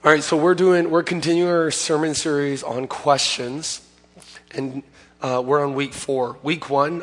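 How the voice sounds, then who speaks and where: A hoarse male pastor gives a casual, plain-spoken sermon at a middle pitch, often restarting and correcting himself mid-sentence. His voice rings with a long reverb that fills a church sanctuary. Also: fairly bright tone. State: hoarse, recovering from lost voice. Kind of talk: conversational sermon.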